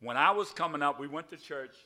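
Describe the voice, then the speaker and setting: A man's voice: a little high, lively intonation, brisk, bright, forceful tone. An older man preaching an evening sermon in a folksy way, spelling words out and asking "all right?" again and again. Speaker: pastor.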